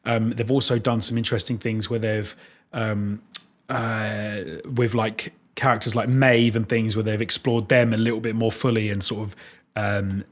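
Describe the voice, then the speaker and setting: A man's voice: fairly low pitch, level tone, normal speed. A British man hosting a podcast, chatting frankly and laughing often. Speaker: podcast host. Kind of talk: casual chat.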